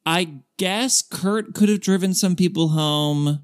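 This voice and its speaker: A man with a fairly high voice, co-hosting a casual pop-culture podcast. He rambles along with lots of "like" fillers and often breaks into laughter mid-sentence. His tone is loose, conversational, and quick to get animated. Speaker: podcast co-host.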